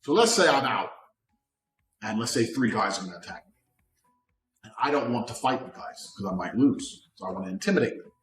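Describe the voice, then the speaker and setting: A man in his thirties giving a blunt, profane motivational talk, swinging between loud bravado and low calm. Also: fairly quick, long pauses, soft background music. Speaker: motivational speaker. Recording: roomy sound from a distant mic.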